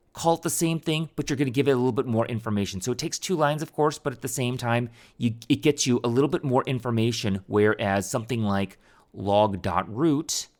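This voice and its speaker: A man teaching a programming tutorial over a screen recording, talking casually and thinking aloud with fillers and restarts. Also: medium pitch.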